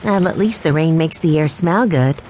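Violet, a woman doing a gentle young girl. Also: low voice, moderate pace, a little hiss or hum, natural voice.

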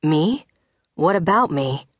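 A woman doing a quiet wounded veteran. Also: sits low, animated, slow pace, slightly rough, dry recording, full character voice. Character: wounded American veteran, quiet young man.

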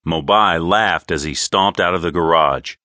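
Deep-voiced male audiobook narrator. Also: unhurried, bright, forceful tone, no room sound, studio quality. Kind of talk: scripted narration.

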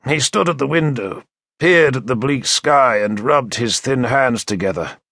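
A man narrating an audiobook in the first person, with measured, expressive storytelling into a close studio mic. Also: medium pitch, dry recording.

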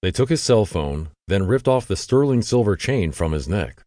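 Deep-voiced male audiobook narrator. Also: very animated, moderate pace, warm tone, no room sound, clean studio sound. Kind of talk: scripted true-crime narration.

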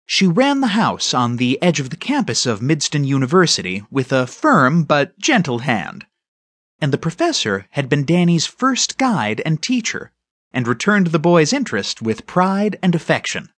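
A man narrating a children's audiobook with a lively, storytelling delivery and a husky voice. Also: on the high side, normal speed, dry recording. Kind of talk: scripted narration.

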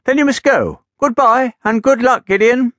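A man's voice: extremely high pitch, normal speed, no echo, clean studio sound, pitched above the performer's own voice. A man voicing a tiny eager steam engine. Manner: wistful, hopeful, excited.

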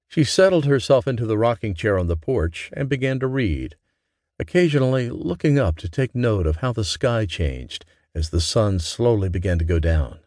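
A man reading a romance audiobook as narrator, in a gentle, measured way. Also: on the low side, big pitch swings, no echo, studio quality. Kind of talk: scripted narration.

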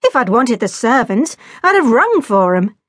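A woman voicing a boisterous, impatient young man who exclaims loudly. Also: fairly high pitch, big pitch swings, a little slow, dry recording, studio quality. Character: boisterous tall young man, exasperated, eager for fun.

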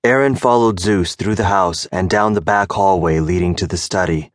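A man giving a measured, scripted audiobook narration on a close studio mic. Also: low voice, dry recording. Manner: measured storytelling delivery.

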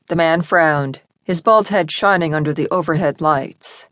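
A woman with a lowish voice reads a contemporary romance in measured, expressive narration. The recording is very dry and close, with no room sound at all. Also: no room sound. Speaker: audiobook narrator. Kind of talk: scripted narration.

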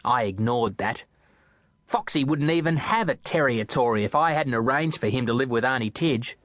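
A man narrating a children's audiobook in a playful, expressive storytelling manner. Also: medium pitch, moderate pace, no room sound, studio quality.

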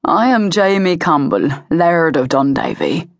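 A woman narrator voicing a proud, vexed young laird, speaking slowly and gruffly. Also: a little high, big pitch swings, no echo, studio quality. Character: proud Scottish Highland laird, young man.

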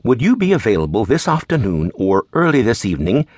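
A man's voice: on the low side, sing-song, brisk, darkish tone, dry recording, studio quality. A man doing a formal English manservant. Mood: courteous. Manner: polite and formal. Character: formal English male butler-secretary.

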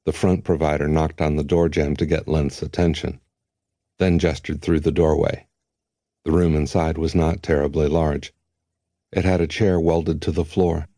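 A male audiobook narrator reading in a steady, measured way. His voice sits very low and sounds warm and dark. The recording is dry and close. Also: no room sound. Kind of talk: scripted narration.

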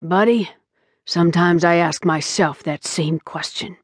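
A woman voicing a ruthless male incubus demon hunter who talks roughly and curtly. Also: fairly low pitch, unhurried, no room sound, studio quality. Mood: menacing. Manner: rough, growling, curt.

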